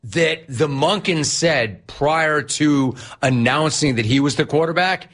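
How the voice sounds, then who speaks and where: A man's voice: on the high side, takes it slowly, a bit bright. A man hosting a sports radio show, ranting sarcastically and incredulously at a player. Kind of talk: ranting sports talk monologue.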